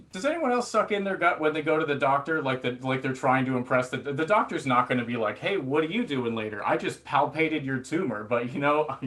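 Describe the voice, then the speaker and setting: On a theatre stage before a laughing audience, a man does stand-up, spinning a rambling, self-deprecating story packed with fillers, restarts and acted-out quotes. His voice is medium-pitched with a fairly bright tone.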